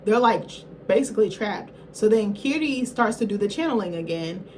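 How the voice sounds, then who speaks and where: A woman's voice: mid-range voice, expressive, moderate pace, darkish tone, slight background noise. Slangy, profane woman recapping a film. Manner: slangy, profane, rambling storytelling; corrects herself mid-thought. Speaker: film reviewer.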